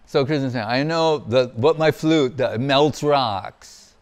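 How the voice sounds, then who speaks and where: A man giving a devotional lecture as a monk, telling scripture stories in an animated way and acting out the quotes. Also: medium pitch, takes it slowly, clean tone. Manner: animated storyteller, acts out quotes with laughter. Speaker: monk giving a spiritual discourse.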